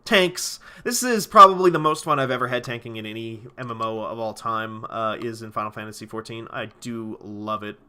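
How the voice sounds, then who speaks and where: A man's voice: mid-range voice, a little fast, few pauses, sharp tone, clean tone. A man streaming a video game, chatting casually with rambling, profane enthusiasm. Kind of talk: casual gameplay commentary.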